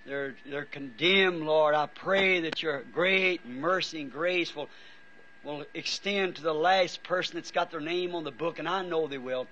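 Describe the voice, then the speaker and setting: Pleading older-sounding male preacher, high and sharp, weary, dull old tape with faint hiss. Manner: earnest, pleading, halting restarts. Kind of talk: fervent prayer and altar call. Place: church before a congregation.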